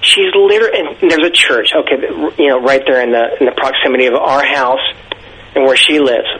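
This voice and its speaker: A man's voice: mid-range voice, normal speed, sharp tone, slight background noise, low-quality recording. A nervous man calling in to a radio show who tells a rambling story. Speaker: caller. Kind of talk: phone-in rambling anecdote.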